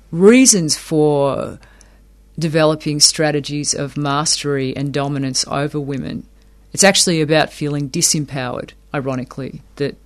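A thoughtful man with a fairly high voice talks through academic ideas in an interview. He circles back and repeats words as he works each point out. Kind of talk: explanatory interview talk.

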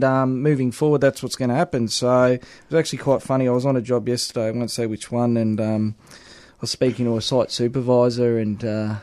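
A man's voice: medium pitch, a little mellow, no echo. An Australian man working as a union organiser, talking casually and leaning on fillers like "obviously" and "at the end of the day". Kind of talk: casual podcast chat.

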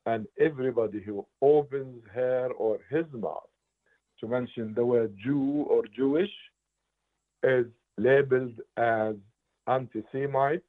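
A man in his eighties from Palestine, giving earnest, emphatic interview answers and repeating words for stress. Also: medium pitch. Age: 80s. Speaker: interviewed writer and political analyst. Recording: tinny phone-line audio.

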